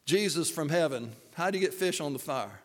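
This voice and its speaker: A man with a high voice preaches with lively, joking storytelling and acts out the characters. Long reverb from a large hall hangs on his words. His delivery is animated and conversational. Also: moderate pace. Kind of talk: sermon.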